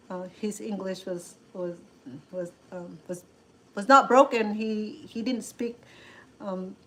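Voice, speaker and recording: This middle-aged woman speaks English with a Cambodian accent, in loose, rambling chat full of fillers and restarts. Her voice sits at an ordinary pitch for a woman. A faint hiss runs behind her. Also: a bit bright, rough recording. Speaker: cooking show host. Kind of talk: casual chat.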